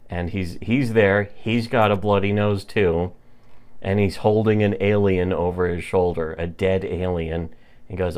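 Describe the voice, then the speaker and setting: A man co-hosting a podcast, recapping a comic in a rambling, halting way full of fillers. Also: low-pitched, a little mellow. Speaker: podcast co-host.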